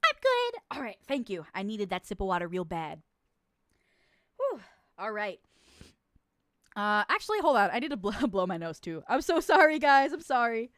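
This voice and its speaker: A woman streamer hosting a confession bit as a nun, her voice sitting a little high and bouncing widely in pitch. She swings from mock-solemn, theatrical verdicts to crude banter and frequent laughter, recorded close and dry. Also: sing-song, normal speed, long pauses, fairly bright tone, no echo. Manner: laughs often. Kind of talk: casual stream chat, playing a nun hearing confessions.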